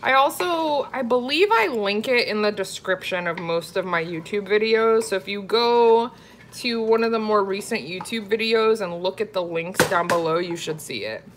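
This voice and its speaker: A woman's voice: medium pitch, normal speed, slight background noise. A woman from Florida chatting casually with viewers on a live cooking stream and reading their comments aloud. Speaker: cooking vlogger.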